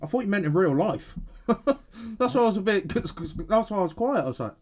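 A man co-hosting a podcast, expressive and sweary in casual chat. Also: sits high, a little fast. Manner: expressive, swears freely, blurts exclamations. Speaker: podcast co-host.

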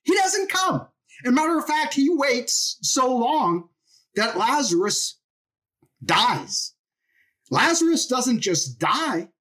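A woman telling a Bible story as an informal sermon, animated and full of rhetorical questions. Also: sits high.

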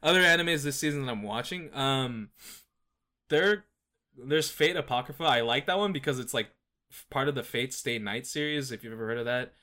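A young man chatting casually, rambling and animated, with lots of fillers as he tells a story. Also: mid-range voice, normal speed. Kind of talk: casual chat.

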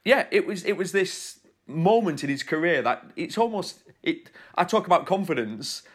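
A man's voice: sits high, lively intonation, moderate pace, slightly rough. Bantering man podcast host. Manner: joking, self-mocking banter. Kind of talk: casual chat.

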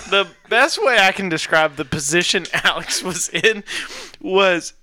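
A man's voice: high-pitched, measured pace, pushed and bright. A man in casual chat with friends, describing the scene in a laid-back way with some swearing. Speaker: friend in the conversation.

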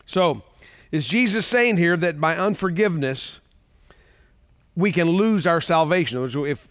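A man's voice: a little high, no room sound, studio quality. A man preaching a sermon as pastor, talking in a conversational way and asking his listeners rhetorical questions.

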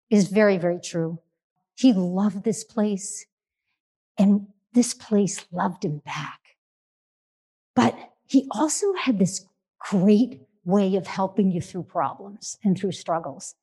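A woman's voice: medium pitch, mellow, husky. A middle-aged woman sharing a heartfelt personal story, earnest, with repeated phrases for emphasis and small restarts. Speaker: speaker sharing a reflection.

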